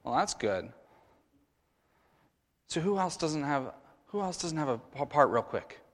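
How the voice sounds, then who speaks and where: A man's voice: a little high, sing-song, measured pace, fairly bright tone. Man leading kids in a reverberant church. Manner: coaxing, directing kids in a skit. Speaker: children's sermon leader. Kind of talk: children's message at a church service. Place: church sanctuary.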